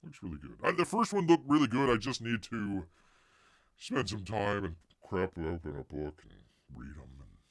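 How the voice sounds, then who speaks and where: Very animated and fairly low-pitched, this man speaks at a moderate pace while hosting a casual comics news live stream, recorded at studio quality without echo. His style is rambling and jokey, full of muttered asides and third-person references to himself as Bear.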